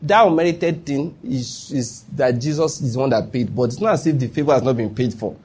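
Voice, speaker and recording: A man's voice: mid-range voice, a little fast, darkish tone, a little hiss or hum. A pastor with a Nigerian accent preaching a sermon, repeating his points and asking the congregation if they follow. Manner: rhetorical questions, repeats points, laughs at own stories.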